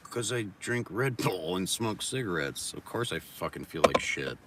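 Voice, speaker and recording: A man's voice: low-pitched, expressive, normal speed, far from the mic, noisy background. A man talking in a casual livestream monologue, rambling, blunt and full of swearing, circling back to repeated mantras. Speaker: livestream host.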